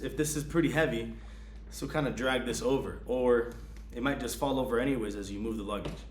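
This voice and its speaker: A man vlogging about his travel gear in a casual, slangy way, with many ums and bursts of excitement. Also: medium pitch, slight background noise.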